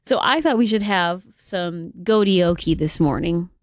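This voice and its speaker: A woman's voice: on the low side, expressive, unhurried, no room sound, clean studio sound. A woman hosting a morning radio show, chatty and bubbly in casual banter.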